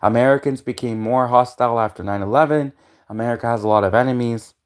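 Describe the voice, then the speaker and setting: A man's voice: medium pitch, fast talker, clear, resonant tone. A man hosting a casual livestream, rambling and repeating himself, with frequent restarts. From Canada. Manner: rambling, repetitive, many restarts. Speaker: livestream host.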